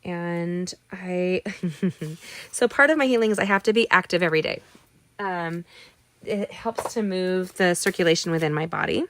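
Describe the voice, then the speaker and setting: A woman's voice: fairly low pitch, normal speed, a bit bright. A middle-aged woman hosting a live card-making tutorial, bubbly and rambling, chatting with viewers and making little noises and exclamations as she works. She sounds a bit tired. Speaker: card-making livestream host.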